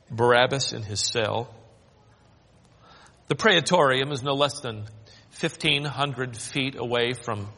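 A male preacher delivers a storytelling sermon in a bright, somewhat high voice. He swings between loud, exclaimed lines and near-whispers. His voice carries a long reverb, as in a large church hall. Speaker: pastor.

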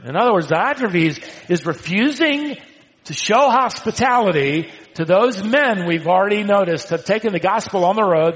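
A man preaching a sermon, swinging from loud emphatic lines to hushed, quiet ones. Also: sits high, expressive, normal speed, in a large hall, rough recording. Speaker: pastor.

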